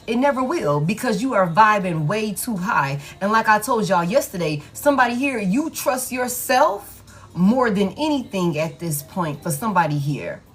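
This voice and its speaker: A woman's voice: a little high, breathy edge. A woman giving a casual tarot reading who talks bluntly and emphatically, swears freely and repeats her points. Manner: emphatic, blunt, repeats phrases, lots of profanity. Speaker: tarot reader.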